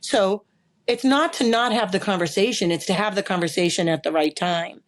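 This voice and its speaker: A woman who is a podcast guest and body language expert, telling a personal story in an emphatic, animated way, often repeating words. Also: mid-range voice, moderate pace. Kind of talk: conversational storytelling interview.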